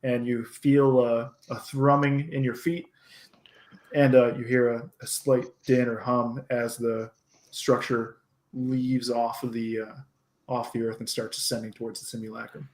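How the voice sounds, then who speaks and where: A man running a tabletop game, narrating scenes in a halting, improvised way. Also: mid-range voice, level tone, a little mellow. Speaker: game master. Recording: roomy echoing mic.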